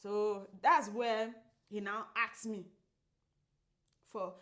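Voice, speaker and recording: A woman co-hosting a podcast who tells a story in casual chat, acting out the quoted lines and laughing often. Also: extremely slow. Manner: animated, acts out quoted dialogue with big pitch jumps; laughs often while telling. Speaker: podcast co-host.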